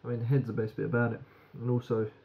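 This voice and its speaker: Gravelly British man reviewing beer. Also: medium pitch, monotone, rapid-fire, dull audio. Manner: frank, rambling, swears casually. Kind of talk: casual beer review vlog.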